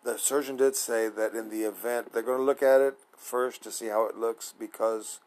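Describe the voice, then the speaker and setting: A man's voice: mid-range voice, fairly even intonation, moderate pace, a little mellow, poor audio. A man hosting his own talk show, speaking in a rambling, hesitant way with many fillers, sleepy and nervous. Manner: nervous, apprehensive. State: sleepy, yawning. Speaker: podcast host. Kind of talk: casual solo monologue.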